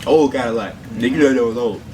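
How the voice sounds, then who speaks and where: A man's voice: mid-range voice, darkish tone. A young man telling a funny road story, his voice rising and falling a lot as he gets into it. He talks in loose, slangy chat and laughs along. He sounds set back from the mic, with a faint hiss behind him. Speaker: mukbang co-host. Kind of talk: casual storytelling. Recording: distant mic with background noise.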